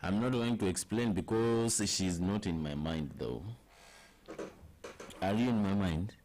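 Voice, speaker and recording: A man with a Kenyan accent co-hosts a casual political chat. He speaks slowly and deliberately in a fairly low voice. He often backs up the others with short murmurs. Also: a little mellow, a little hiss or hum.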